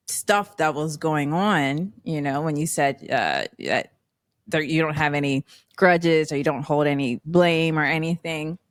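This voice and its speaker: A woman's voice: sits low, no room sound. Chatty woman host, dry close sound. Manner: warm, laughs easily, many fillers. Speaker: podcast host. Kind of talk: casual interview chat.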